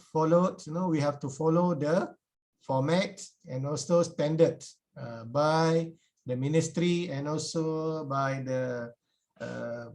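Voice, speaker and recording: A man with a Malaysian English accent teaching a university class over a video call, tagging his sentences with "eh?" and speaking in plain, informal English. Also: fairly high pitch. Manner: repeated checks with a tag "eh?", plain informal phrasing. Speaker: university lecturer. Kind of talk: online class lecture.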